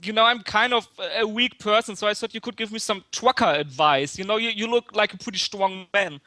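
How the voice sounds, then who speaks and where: A man's voice: sits high, brisk, pushed and bright, no room sound. A man doing a stammering student with a fake German accent. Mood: flustered. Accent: put-on German. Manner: stammering, repeats words, earnest and flustered. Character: stammering young male student caller with a put-on German accent. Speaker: prank caller. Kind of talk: prank call-in.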